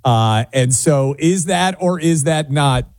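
A male radio talk show co-host from Nashville, bantering in a wry, opinionated way. His voice sounds dark and mellow. The studio recording is dry and close. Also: on the high side, animated, slow pace, dry recording. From Nashville, USA. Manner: wry, opinionated, self-mocking.

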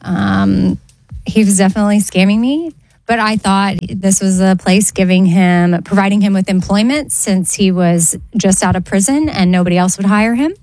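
A woman's voice: mid-range voice, moderate pace, no room sound, low-quality recording. Laid-back woman chatting and laughing. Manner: relaxed, laughs easily, teasing. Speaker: co-host. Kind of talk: casual chat.

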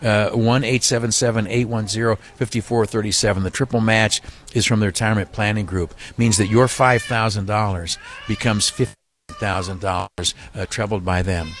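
A man's voice: fairly low pitch, moderate pace, slight background noise. A man hosting a charity radiothon, making an earnest, rambling appeal full of restarts and fillers. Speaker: radio host. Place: radio studio.

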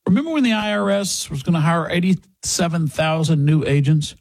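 A man with a somewhat high voice does a live-read radio advertisement. He sounds urgent and persuasive. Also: brisk, crowd noise. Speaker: radio host reading an ad.

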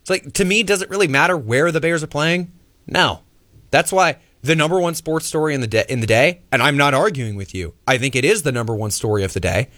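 A man's voice: lively intonation, fairly quick, fairly bright tone, no room sound. Emphatic man arguing on sports radio. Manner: argumentative, emphatic, rising pitch when pressing a point. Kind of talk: sports talk radio debate.

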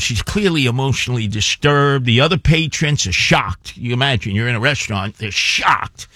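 A man tells a story on a talk show, rambling and emphatic and full of asides. His voice sits at a middle pitch and sounds dry and close to the mic. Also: animated, moderate pace, few pauses, pushed and bright, no room sound.

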